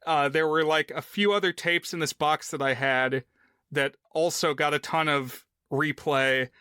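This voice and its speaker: A man with a bright, crisp voice, a touch higher than most, talking in a dry, close-miked podcast sound. He is measured and reflective, posing questions and sharing memories in casual chat. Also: fairly even intonation, dry recording. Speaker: podcast co-host.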